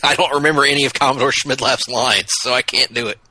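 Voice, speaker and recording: A man's voice: mid-range voice, steady tone, fast, sharp tone, husky, low-quality recording. A man co-hosting a podcast, chatting casually with a jokey manner and an ear for voices. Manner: jokey, breaks into impressions. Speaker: podcast co-host. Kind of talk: casual chat.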